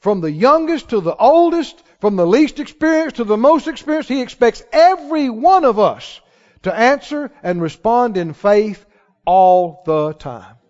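A man preaching a sermon in a church, acting out the quoted voices of others and rising to shouts of conviction. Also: extremely high pitch, measured pace. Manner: animated, acts out quoted voices, rises to shouts. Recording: reverberant hall, dull lo-fi sound.

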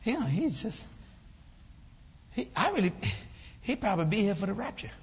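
A man, preaching as a lively, laughing storyteller in a church. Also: sits high, normal speed, gravelly, breathy edge. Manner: animated, laughing, folksy storyteller. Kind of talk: humorous storytelling sermon. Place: church sanctuary. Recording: echoey church hall, slightly dull.

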